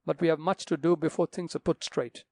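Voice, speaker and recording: A man voicing a stern older gentleman who speaks solemnly and with authority. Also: on the high side, fairly even intonation, brisk, no echo, natural voice. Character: stern older man, a returned father figure.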